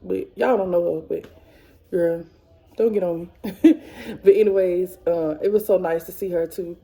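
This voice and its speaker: A woman's voice: fairly low pitch, fairly even intonation, moderate pace, mellow. A woman in her thirties vlogging to camera in casual, emotional chat, rambling and repeating herself. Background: kids faintly in background.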